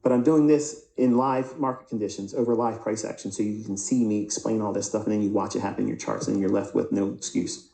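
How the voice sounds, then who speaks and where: A man's voice: on the low side, fairly even intonation, fairly quick, gravelly, dark tone, roomy sound, low-quality recording. A man teaching a live trading lecture over price charts, who asks rhetorical questions and answers them himself and often repeats or restarts words. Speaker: trading instructor.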